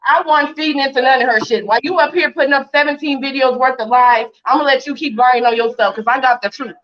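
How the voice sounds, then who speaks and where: A fairly high-voiced woman speaks over a video call, defiant and indignant. She fires off question after question at her critics. The stream audio sounds dull and muffled. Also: fast talker, fairly bright tone. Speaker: interview guest. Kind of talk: heated livestream interview.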